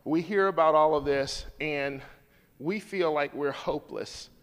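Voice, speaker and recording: High-voiced preaching man, echoey hall. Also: unhurried. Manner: swings from hushed to loud and high, calls out to the congregation. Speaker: pastor. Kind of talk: sermon.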